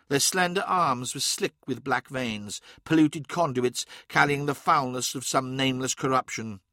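A man reading an audiobook in a measured, dramatic way. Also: mid-range voice, fairly bright tone, no echo, studio quality. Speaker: narrator. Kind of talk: scripted audiobook narration.

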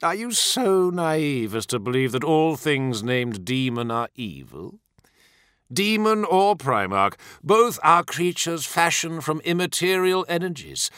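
Man doing a purring demon prince, mocking, slow, bright lively voice, dry sound. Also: a little high, clear, resonant tone, no echo, pitched above the performer's own voice, exaggerated voice. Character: possessed demon prince, male, silken and mocking.

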